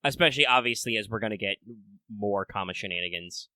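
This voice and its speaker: A man hosting a casual podcast in a forceful, bright voice, recorded close and dry. He rambles along, padding his talk with filler words and restarts as he explains things to his listeners. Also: lowish voice, quick pace, dry recording. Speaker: podcast host.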